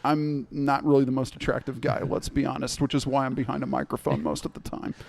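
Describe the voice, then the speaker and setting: A man talking as a podcast guest about his voice acting work, in an easy and animated way. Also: medium pitch, brisk, creaky, slight background noise. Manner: animated, slips into playful accents. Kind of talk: casual interview chat. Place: remote interview, podcast.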